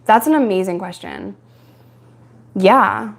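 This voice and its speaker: A woman's voice: mid-range voice, slow, gravelly. Frank, chatty woman from New York. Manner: frank, chatty storytelling with frequent laughs. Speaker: live-stream host answering viewer questions. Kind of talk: casual live-stream Q&A.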